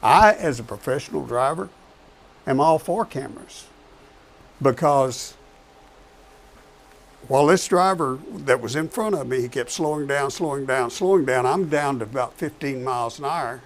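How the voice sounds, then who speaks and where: A man's voice: mid-range voice, animated, moderate pace. A man who is a professional truck driver, talking casually and repeating his key points for emphasis. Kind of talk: casual talk show chat.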